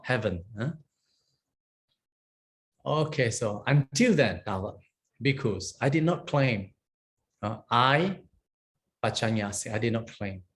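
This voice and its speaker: Man, monastic teacher, Pali grammar lesson, patient explaining, frequent "huh?", slow careful chanting. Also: mid-range voice, a bit bright. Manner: explains patiently, often asks "huh?" and "okay?".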